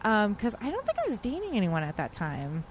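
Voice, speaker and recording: A woman's voice: mid-range voice, brisk. A young woman chats casually as a podcast guest, recorded outside in a city park. She tells her story with animation and acts out the people in it. A faint ambient hum sits under her voice. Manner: animated, quotes others in lively voices.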